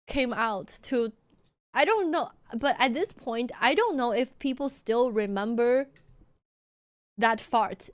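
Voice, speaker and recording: A woman's voice: a little high, clear, resonant tone. A young woman from China, telling a story casually on a stream and laughing often.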